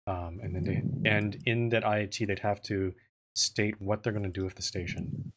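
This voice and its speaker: A man's voice: fairly low pitch, fairly even intonation, moderate pace, fairly bright tone. A man in an online staff meeting asking and explaining rules, hesitant and repeating words as he thinks. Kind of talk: casual meeting discussion.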